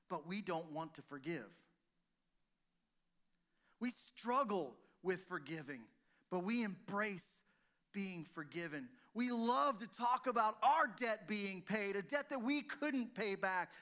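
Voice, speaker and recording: Male pastor preaching, bright and high-pitched, talking straight to his congregation. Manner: preaching, rhetorical questions to the congregation. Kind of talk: sermon. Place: church service, streamed to listeners at home.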